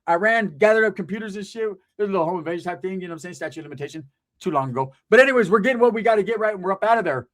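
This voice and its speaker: A man's voice: high voice, racing. Profane, slangy middle-aged storyteller man. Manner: profane, slangy, animated, keeps asking "right?". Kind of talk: casual street storytelling.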